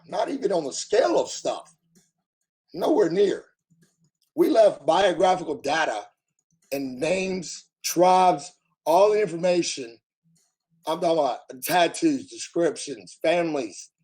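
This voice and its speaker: A man from the United States ranting bluntly at his live chat, his voice hoarse and damaged after covid, talking loudly so he can be heard and swearing freely. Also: fairly high pitch, poor audio. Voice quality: husky, strained. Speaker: livestreamer answering chat. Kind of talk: casual live-stream rant.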